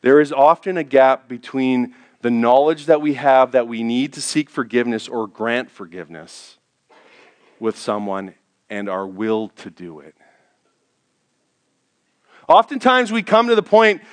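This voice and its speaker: A man's voice: expressive, measured pace, pauses often. Middle-aged male pastor preaching a sermon. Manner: storytelling, drops to a hushed low voice for quoted thoughts.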